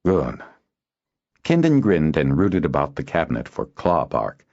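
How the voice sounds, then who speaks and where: Deep-voiced male audiobook narrator. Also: normal speed, highs cut off. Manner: steady storytelling delivery. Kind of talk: scripted narration.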